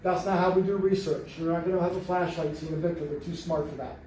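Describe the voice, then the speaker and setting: Guy with a high voice spinning a jokey story to a crowd, faint hiss in the room. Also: fast talker. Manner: animated storyteller, jokey, acts out quotes. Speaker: Bigfoot researcher giving a library talk. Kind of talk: storytelling talk to an audience. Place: library meeting room. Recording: roomy hall, mic at a distance, faint noise.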